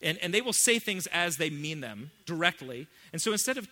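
A man preaching a sermon as pastor, emphatic, swinging between hushed and loud. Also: a little high, very animated, brisk.

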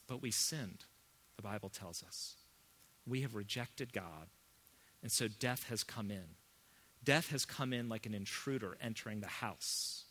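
Bright-voiced man preaching. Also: fairly low pitch, unhurried, breathy edge. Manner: emphatic preaching with wide swings from hushed to loud. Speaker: pastor. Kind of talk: sermon.

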